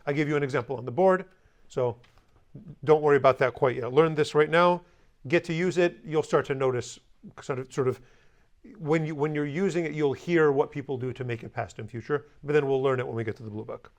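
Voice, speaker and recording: A man teaching a language class, with a voice pitched a little high. He is blunt and sarcastic, teasing his students as he leads them through call-and-response drills in a classroom. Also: brisk.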